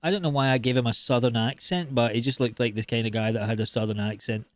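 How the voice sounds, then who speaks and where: A man hosting a reaction video, talking in an animated, incredulous way and swearing freely. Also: medium pitch, quick pace. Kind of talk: casual reaction commentary.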